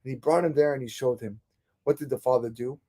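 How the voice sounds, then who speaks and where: A man teaching a Torah class as a rabbi, retelling stories in an animated way with frequent restarts. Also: medium pitch, fast talker.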